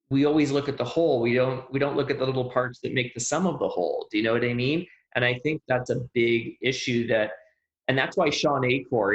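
A man talking as a podcast guest in a relaxed, animated way, often laughing and acting out the voices in his head. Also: medium pitch. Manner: animated, acts out quoted inner voices. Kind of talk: conversational interview. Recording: roomy echo.

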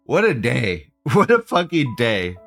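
A man's voice: medium pitch, wildly swooping pitch, unhurried, creaky, a bit bright, soft background music. A man hosting a live commentary show, rambling and swearing, often breaking into laughter and repeating phrases. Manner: profane, rambling, frequent laughter. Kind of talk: casual livestream commentary.

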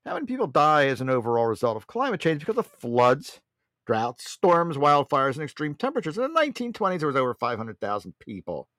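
Blunt man hosting a talk show, lively pitch. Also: quick pace, no room sound, studio quality. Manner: blunt, mocking, keeps addressing listeners as folks. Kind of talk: political talk show monologue.

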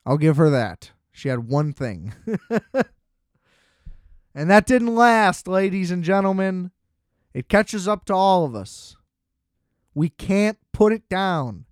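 High-voiced man, unhurried rambling host. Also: big pitch swings, no room sound, clean studio sound. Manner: rambling, joking, self-mocking asides; laid-back, lackadaisical delivery. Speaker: podcast host. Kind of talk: casual comedic rant.

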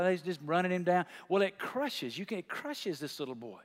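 A man preaching a sermon in a high voice, telling a story that builds into shouted, fervent climaxes. His voice rings out through a large hall with long reverb trailing behind it. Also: expressive, moderate pace, hardly any pauses. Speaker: pastor.

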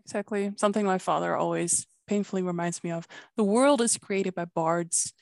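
A woman's voice: lowish voice, moderate pace, creaky, darkish tone, no echo, clean studio sound. A woman from the Netherlands, a podcast guest, speaking reflectively and earnestly. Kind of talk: casual podcast chat.

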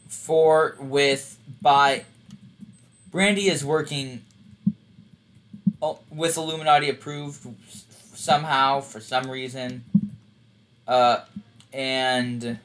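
A man's voice: medium pitch, fairly bright tone, a little hiss or hum. Rambling man co-hosting a casual chat. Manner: rambling, halting, full of fillers. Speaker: podcast co-host.

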